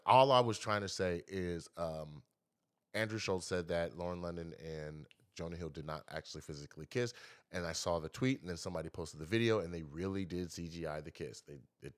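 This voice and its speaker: A man co-hosting a casual podcast, teasing and animated, jumping into high exaggerated voices when he quotes people. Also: brisk. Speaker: podcast co-host.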